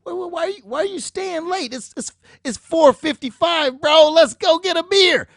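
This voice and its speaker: A man voicing a rowdy young male intern who whines and pleads loudly with a buddy to quit work and go out for a beer. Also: very high-pitched, normal speed, vocal fry, dry recording, studio quality, pitched above the performer's own voice, full character voice. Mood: pleading.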